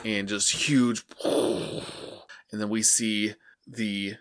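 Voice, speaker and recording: A man calmly retelling an anime plot in casual chat, stringing his story together with "and, uh". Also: lowish voice, extremely slow. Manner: steady storytelling with many "and, uh" fillers. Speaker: podcast co-host.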